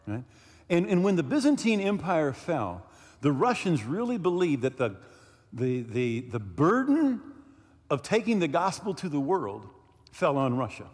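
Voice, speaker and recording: A man preaches a sermon with a high, lively voice that swings widely in pitch. He drives his points home by repeating phrases and asking his listeners to agree. His words ring out through a church sanctuary with a long, echoing tail. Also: measured pace, slightly rough. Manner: emphatic, repeats phrases and asks "right?". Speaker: pastor. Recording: long hall reverb.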